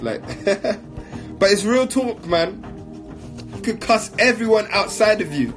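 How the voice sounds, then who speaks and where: A man's voice: sits high, animated, unhurried, long pauses, soft background music. A man giving an emphatic, repetitive motivational talk in slang while answering audience questions.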